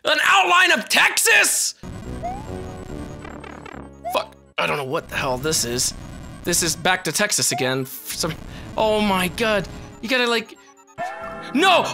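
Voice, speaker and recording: Animated, foul-mouthed woman gaming. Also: on the high side, a little slow, long pauses, over music. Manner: excitable, swears a lot, exclaims at the game. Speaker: gaming video host. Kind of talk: live gameplay commentary.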